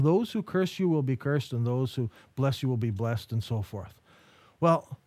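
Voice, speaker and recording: A man's voice: a little high, a little mellow, no echo. A man giving a Christian mission lecture in a conversational, storytelling manner, with rhetorical questions. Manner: anecdotal, acts out quoted dialogue while storytelling. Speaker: lecturer teaching a mission course.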